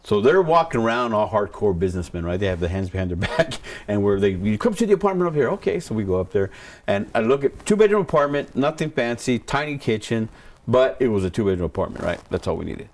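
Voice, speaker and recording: A man's voice: on the low side, sing-song, fast. A man, a pastor, telling a personal story in a rambling way, repeating words and acting out what people said. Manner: rambling, repeats words, acts out quoted voices.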